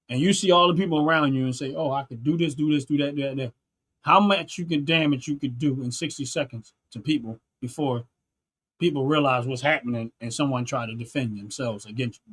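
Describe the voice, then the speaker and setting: A man speaking straight to his audience in a casual, earnest rant, circling back to the same points again and again. His voice sits at an ordinary middle pitch for a man. The delivery is preachy and heartfelt. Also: fairly bright tone. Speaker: channel host. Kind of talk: solo opinion monologue.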